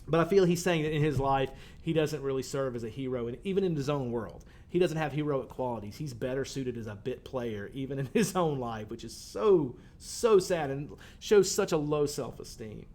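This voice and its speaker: A man's voice: medium pitch, normal speed, few pauses, a little mellow. A male teacher, talking students through a poem in a conversational way, with fillers and lines read aloud. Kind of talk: recorded poetry lesson for students.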